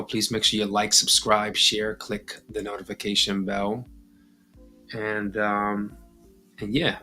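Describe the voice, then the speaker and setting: A man's voice: on the low side, bright, forceful tone. A man hosting a livestream in a casual, playful and theatrical way. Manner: playful, theatrical, drawn-out delivery. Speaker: host of a compost channel livestream.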